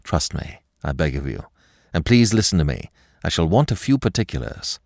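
Man playing a grave, commanding gentleman thief. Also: sits low, big pitch swings, vocal fry, no room sound, studio quality, heavily acted. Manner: measured, grave, authoritative.

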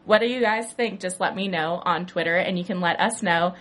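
A woman's voice: on the low side, brisk, fairly bright tone. Chatty woman recapping a TV episode. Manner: chatty retelling full of "like" and "you know". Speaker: TV aftershow recap host.

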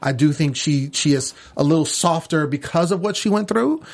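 A man co-hosting a casual talk show about a reality series, animated and acting out quotes as he talks. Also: fairly high pitch, moderate pace, vocal fry. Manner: animated, acts out quotes with a raised voice. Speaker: podcast co-host.

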